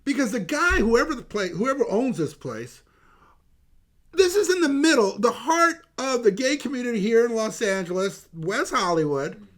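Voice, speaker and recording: An older man, a retired detective, telling stories in an interview. He is animated, laughs often and stops to restart with many fillers. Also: very high voice, normal speed. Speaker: retired homicide detective, guest. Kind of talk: animated anecdotal storytelling.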